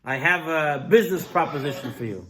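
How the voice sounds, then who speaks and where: A man's voice: fairly high pitch, lively intonation, a little fast, fairly bright tone. A man, a rabbi, telling a Hasidic story in a weekly Torah talk, acting out the characters' voices as he goes.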